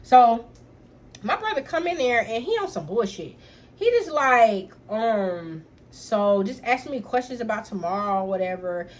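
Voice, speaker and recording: A young woman telling a personal story straight to camera in an animated, profane way, talking to her viewers as y'all. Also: on the high side, normal speed. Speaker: storytime vlogger. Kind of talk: casual storytime vlog.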